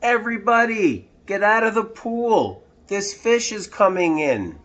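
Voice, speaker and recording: A man voicing a fireman in a storybook, shouting commands in a raised voice. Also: extremely high pitch, huge pitch swings, measured pace, voice pushed up, heavily acted. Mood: commanding. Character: loud grown man fireman giving orders.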